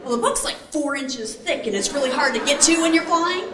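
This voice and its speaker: A woman's voice: high-pitched, lively intonation, a little fast, noisy background. A middle-aged woman giving a speech to a live audience, telling a story animatedly and quizzing her listeners. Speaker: keynote speaker, former Army helicopter pilot. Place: large room before a live audience. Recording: echoey hall, faint ambience.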